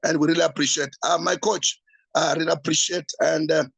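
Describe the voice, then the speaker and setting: A man, a pastor, giving an urgent, repetitive sales pitch at an evening meeting. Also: flat delivery, fairly quick, vocal fry, a bit bright, slightly rough, no room sound, rough recording. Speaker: pastor promoting a business.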